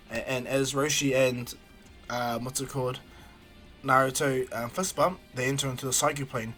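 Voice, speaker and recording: A man's voice: medium pitch, fairly even intonation, normal speed, a bit bright, soft background music. A man casually retelling a fan story as a streamer, rambling with ums and restarts. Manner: rambling, hesitant, many ums.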